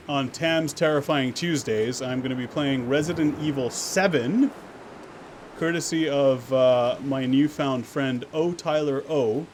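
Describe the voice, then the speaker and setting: A man in the middle of a live gameplay stream, chatting loosely and playfully with his viewers. His voice sits at an ordinary pitch for a man. There is a faint layer of noise under his speech. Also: a little slow, darkish tone. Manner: chatty and playful, answering chat. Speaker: game streamer.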